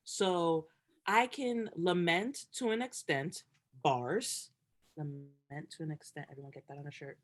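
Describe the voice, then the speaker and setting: Young woman co-host, casual chat, animated emphatic ranter who laughs often. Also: fairly low pitch, unhurried. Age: young adult. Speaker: podcast co-host.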